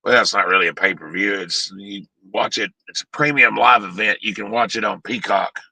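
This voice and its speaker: Sarcastic man, bright, close. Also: lowish voice, normal speed, creaky, slightly rough, dry recording, poor audio. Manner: sarcastic, rambling, drawling. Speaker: streamer. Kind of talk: casual live-stream chat.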